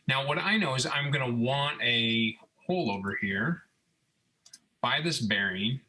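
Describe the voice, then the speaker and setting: In a rough recording, a robotics instructor with a medium-pitched voice and measured pace works through a screen-recorded CAD tutorial, explaining each step calmly and often checking in with an "okay?"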